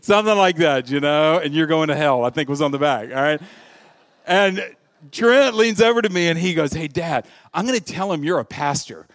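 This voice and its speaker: Southern male pastor, middle-aged, preaching a comic sermon, lively delivery with acted-out voices, slightly high pitch. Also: moderate pace. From American South. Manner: animated, jokey, acts out quoted voices. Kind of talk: humorous sermon.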